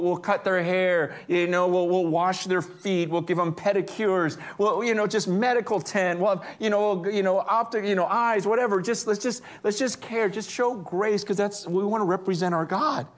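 A man preaching a sermon, telling stories with energy and swinging between hushed and excited moments. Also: high voice, normal speed, few pauses. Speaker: pastor.

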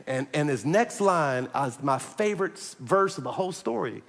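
A man preaching a sermon, animated and joking, pressing his points hard and calling out to the congregation. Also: on the high side, moderate pace, vocal fry, hardly any pauses, in a large hall. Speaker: pastor.

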